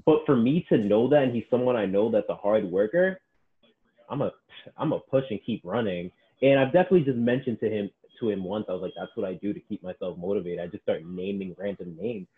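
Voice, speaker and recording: A man's voice: fairly low pitch, fairly quick. A man who works as a personal trainer, chatting casually and acting out what his clients told him. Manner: animated storyteller, acts out clients' quotes. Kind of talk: casual podcast chat. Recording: tinny phone-like sound.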